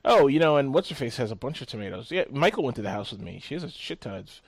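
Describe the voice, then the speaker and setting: A man's voice: medium pitch, very animated, fast talker, creaky, breathy edge, no echo. Rambling, profane man in casual chat.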